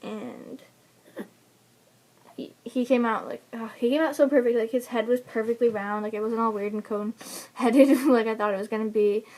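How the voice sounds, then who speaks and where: A woman's voice: fairly high pitch, steady tone, moderate pace, darkish tone. A young woman casually telling the story of giving birth, chatty and laughing often between fillers. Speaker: new mother telling her birth story. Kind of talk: casual personal vlog storytelling.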